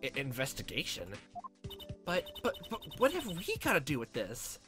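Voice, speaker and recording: A man's voice: fairly high pitch, wildly swooping pitch, normal speed, over loud music. A man voicing a flustered young male defense lawyer in his own voice.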